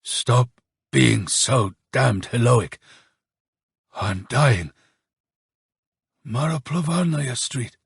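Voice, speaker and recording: A man's voice: medium pitch, drawn-out words, gravelly, pauses often, husky, no echo, studio quality, exaggerated voice. A man voicing a fierce, commanding male army colonel who barks his orders like a bugle call, in an audiobook reading. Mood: dying, fading.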